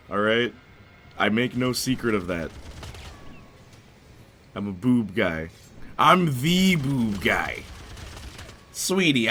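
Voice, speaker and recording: A man's voice: medium pitch, a bit bright, slight background noise. A man live-streaming a video game, chatting casually, joking, giggling and answering viewers' chat messages. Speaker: gaming streamer.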